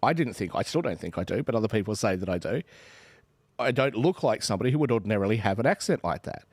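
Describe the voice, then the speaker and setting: An Australian man in his forties hosting a panel podcast, arguing in an animated way and acting out quoted exchanges. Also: fairly low pitch, fast talker, slightly rough, no room sound. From Western Australia. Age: 40s. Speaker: podcast host.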